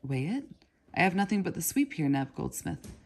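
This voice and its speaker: A woman reading aloud, voicing a timid young apprentice boy who speaks quietly and deferentially. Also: lowish voice, very animated, moderate pace. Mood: meek.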